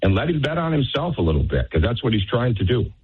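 A basketball coach calling in as a radio guest, talking emphatically and persuasively. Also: male voice, mid-range voice, sing-song, fast, a little hiss or hum. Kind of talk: phone interview. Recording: phone line.

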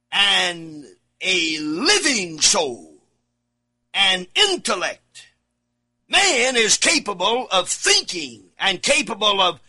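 A man preaching alone in a studio, reading scripture verses aloud, repeating key words and swinging from shouted emphasis to low asides. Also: husky.

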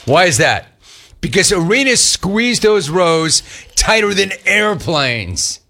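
A man's voice: high voice, very animated, slow, pushed and bright. A man hosting a sports radio show, joking his way through commentary on a photo and laughing often.

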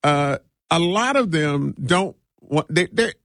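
A man hosting a radio show in a studio, chatting casually and joking with slang and a relaxed drawl. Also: a little high, takes it slowly, dry recording.

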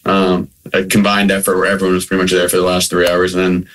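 Low-voiced, modest man on a call. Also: completely flat delivery, fast talker, fairly bright tone. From Maine. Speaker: guest, basketball coach. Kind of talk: remote interview. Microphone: video call.

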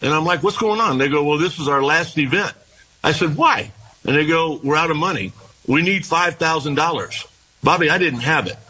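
An older man, a former baseball pitcher, telling long rambling anecdotes in a casual interview, often restarting his sentences. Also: expressive, brisk, sharp tone, breathy edge, low-quality recording. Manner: rambling anecdotes with repeated starts and quoted dialogue.

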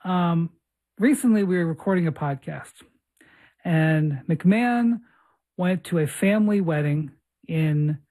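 A man hosting a podcast who tells an animated anecdote and acts out the lines of the people in it. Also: on the high side, unhurried. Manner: animated anecdote telling, acting out dialogue. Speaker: podcast host. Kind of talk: casual podcast chat.

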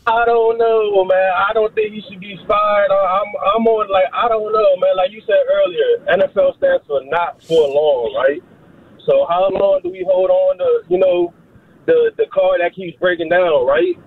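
A man's voice: sits high, sing-song, measured pace, a little hiss or hum. A man in his thirties calling in to a sports radio show, rambling casually in slang. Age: 30s. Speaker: caller. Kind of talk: phone-in chat. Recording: tinny phone line.

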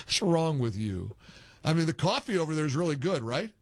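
A man's voice: fairly high pitch, very noisy. A middle-aged man hosting a call-in radio show, rambling, joking and getting exasperated with callers. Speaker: radio talk show host.

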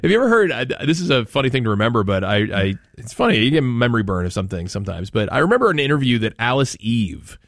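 A man's voice: medium pitch, sing-song, quick pace, few pauses, fairly bright tone, no echo. A man from Maine hosting a talk radio show, chatting in a rambling way with frequent restarts. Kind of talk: casual talk radio chat.

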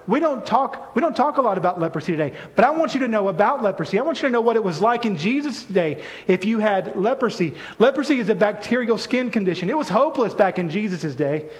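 A pastor preaches to his congregation, his voice pitched high for a man. He delivers the sermon in an animated way and keeps calling on the people in front of him to answer and take part. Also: fairly quick, hardly any pauses.

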